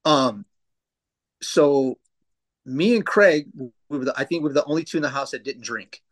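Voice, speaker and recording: A man in his thirties talks loosely as a guest on a podcast, piling up fillers and curse words as he tells his stories. His voice sits at an ordinary middle pitch. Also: moderate pace. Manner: loose, profane storytelling with many fillers. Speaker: tattoo artist guest. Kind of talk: casual podcast conversation.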